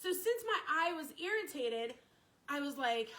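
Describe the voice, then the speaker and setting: High bright-voiced woman chatting. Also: sing-song, unhurried, rough recording. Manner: chatty, repeats herself, greets viewers by name. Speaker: live-stream host. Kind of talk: casual live-stream storytelling.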